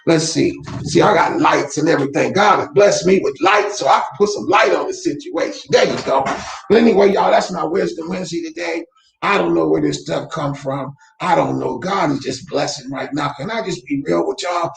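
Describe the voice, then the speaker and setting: Gravelly, fervent man preaching at home. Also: on the high side, normal speed, echoey room. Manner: fervent, preachy, bursts into shouting. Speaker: real estate company owner, host. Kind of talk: live faith-based motivational talk. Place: room at home. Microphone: camera mic.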